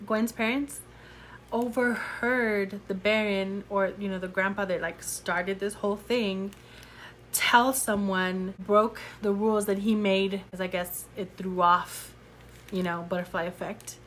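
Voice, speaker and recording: A woman's voice: mid-range voice, fairly even intonation, measured pace, a bit bright, slight background noise. Chatty young woman gushing about a book. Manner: chatty and gushing, many fillers. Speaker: book reviewer. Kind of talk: casual chat.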